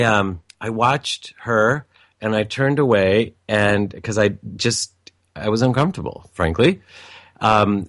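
A man's voice: on the low side, a bit bright, dry recording, studio quality. A man telling a personal family story in a reflective, meandering way, with frequent restarts and asides.

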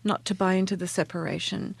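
Fast-talking and level in tone, a woman with a mid-range, creaky voice and a breathy edge tells stories as a guest in a casual interview. She's a transformational coach who comes across as earnest and warm, laughing often, with no echo on the recording.

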